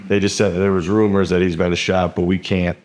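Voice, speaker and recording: A young man with a fairly low voice tells his story casually, rambling along with constant fillers and a lot of swearing. The recording has a roomy, echoing sound around him. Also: little pitch movement, fairly quick, darkish tone. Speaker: guest telling his story. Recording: roomy echo.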